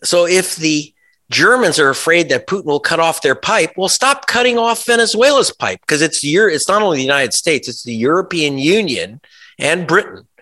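A man's voice: a little high, animated, normal speed, sharp tone. A man, a journalist guest in an interview, talking in an emphatic, sarcastic way with many restarts and asides. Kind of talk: conversational interview.

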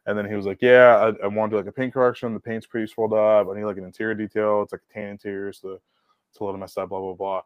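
A young adult man, a car detailer guest on a podcast, telling stories in a casual, animated way, swearing and acting out quotes. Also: on the low side, rapid-fire, clear, resonant tone, dry recording, highs cut off. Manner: animated storyteller, swears, acts out quotes loudly. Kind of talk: casual storytelling chat.

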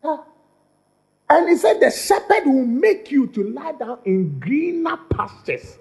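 A pastor delivers a sermon, repeating phrases and stammering through restarts as he builds his point with animation. His voice is very high with vocal fry, and he speaks a little slowly.

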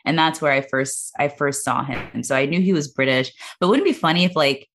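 A woman's voice: sits low, a little fast, fairly bright tone, a little hiss or hum. A woman hosting a podcast in casual, joking chat, laughing often between remarks. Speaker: podcast host.

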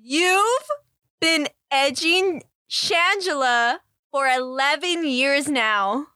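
A woman's voice: sits high, drawn-out words, bright, forceful tone, no echo, studio quality. A tipsy woman co-hosting a casual podcast chat, giggly and playful as she coaches a friend through phrases. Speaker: podcast co-host.

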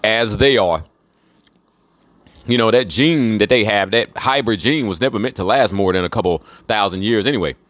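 A man's voice: lowish voice, normal speed, fairly bright tone, no echo. Profane rambling man, dry sound. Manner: profane, drawling, trails off with fillers. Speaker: monologue speaker. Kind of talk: casual rambling monologue.

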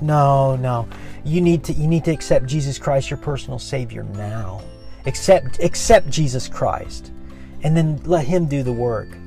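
A man giving an informal devotional message, earnest and repetitive, often dropping to a soft, low voice. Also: moderate pace, faint music behind. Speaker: preacher.

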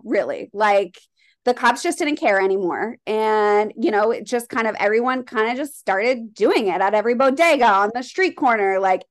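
A woman from Colorado chats candidly as an interview guest. Her voice sits somewhat high, and her speech rambles and loops back, full of filler "like"s. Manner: rambling, heavy use of "like", candid. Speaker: guest, shop owner and leather artist. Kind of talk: casual conversational interview.

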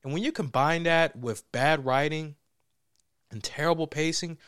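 A young man in casual chat, reviewing a film with a friend, lively and laughing, acting out characters in quoted voices. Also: a little high, moderate pace, smooth, dry recording, clean studio sound. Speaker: podcast co-host reviewing a film.

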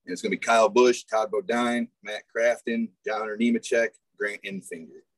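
A man who is a guest on a racing podcast, chatting casually and laying out his points in a measured way. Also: fairly low pitch, fairly even intonation, no room sound.

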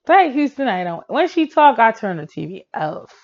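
A woman chatting casually about pop music and celebrity gossip, excitable, laughing often and breaking into song. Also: on the high side, moderate pace, muffled recording. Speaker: pop culture vlogger.

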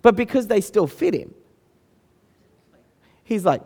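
A man's voice: high-pitched, takes it slowly, gravelly. A man, telling a humorous story to an audience and acting out the voices of people in it. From Australia. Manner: animated, acts out the voices of people in his story. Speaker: speaker.

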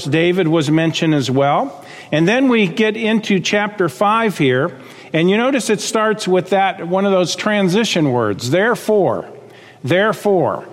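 A man's voice: high-pitched, big-room sound. A man preaching a sermon, emphatic and repetitive, often checking in with the listeners. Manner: emphatic, repeats key phrases, checks in with "okay?".

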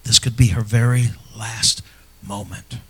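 A middle-aged man, a pastor, preaching a sermon in a church, earnest and personal, swinging from loud emphasis to hushed, near-whispered lines. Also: medium pitch, fairly even intonation, unhurried, breathy edge. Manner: earnest and personal, speaking to fathers.

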